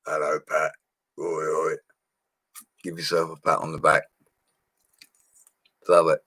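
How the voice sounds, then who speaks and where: A drunk man, a bricklayer rambling loudly to viewers on a live stream from a small room at home. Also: a bass voice, completely flat delivery, slow, dry recording. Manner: rambling, loud and laddish, laughing often. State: drunk, slurring. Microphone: laptop microphone.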